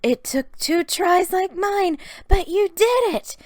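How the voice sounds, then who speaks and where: A woman voicing an excitable young witch sister in a high, squealing put-on voice for a storybook recap. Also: slow pace, dry recording, studio quality, exaggerated voice. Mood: cheering.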